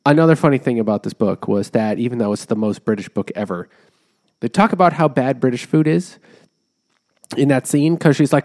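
A man's voice: medium pitch, fairly quick, a little mellow. A man in a casual book discussion, explaining the story with dry humor.

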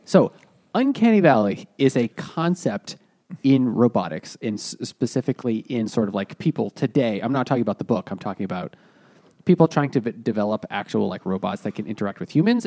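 A man with a lively, up-and-down voice explains an idea at length during a casual chat over beers. He swears casually and keeps it conversational. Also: medium pitch. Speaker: podcast co-host.

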